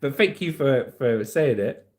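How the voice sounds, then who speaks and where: Brief: man from southern England, livestream host, jokey, lively pitch swings. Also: a little slow. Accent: southern English, Hampshire. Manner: jokey, laughs often, lively intonation. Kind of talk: casual livestream chat, reading comments.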